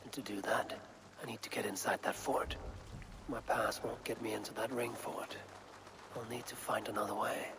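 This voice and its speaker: An actor playing a gruff, terse Norse warrior in video game dialogue. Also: male voice, on the low side, fairly even intonation, moderate pace, background noise. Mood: whispered thoughts. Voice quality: gravelly, terse.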